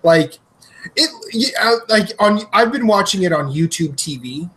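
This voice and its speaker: High-voiced, animated young man. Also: normal speed, low-quality recording. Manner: animated, laughing, acts out ad lines. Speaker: podcast co-host. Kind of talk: casual chat.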